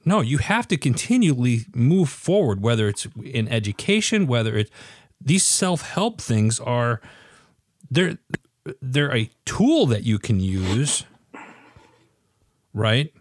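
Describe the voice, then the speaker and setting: A man's voice: mid-range voice, big pitch swings, slow, pauses often, dry recording, studio quality. A man co-hosting a casual chat, earnest and rambling as he argues his point. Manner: earnest, rambling, pushes back. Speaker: podcast co-host.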